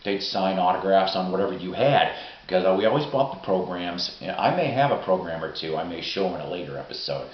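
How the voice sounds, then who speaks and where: A middle-aged man telling rambling, profane, excitable stories in a casual vlog monologue. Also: low-pitched, fairly quick. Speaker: vlogger. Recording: roomy, dull lo-fi recording.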